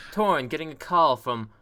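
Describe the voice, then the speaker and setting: A man's voice: fairly high pitch, pushed and bright. A man recapping a tabletop role-playing session in a rambling, joking way, laughing often as he goes. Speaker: player recapping the story. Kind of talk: casual tabletop game recap.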